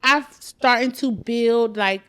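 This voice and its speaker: A woman's voice: a little high, slow, sharp tone, clean tone. A young woman from Philadelphia, a comedian guest talking candidly and rambling with many fillers, acting out the voices of people she quotes. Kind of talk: candid casual chat.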